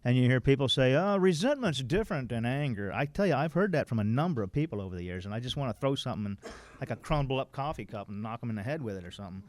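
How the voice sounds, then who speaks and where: A man speaking at a recovery workshop, blunt and folksy, with a bit of mild cursing. He reads passages aloud and then breaks them down in plain everyday terms. The sound is dry and close, with the pitch of an average man. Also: expressive, fast talker, dry recording. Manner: blunt, folksy, mildly profane; quotes text then explains it plainly. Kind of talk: informal workshop talk.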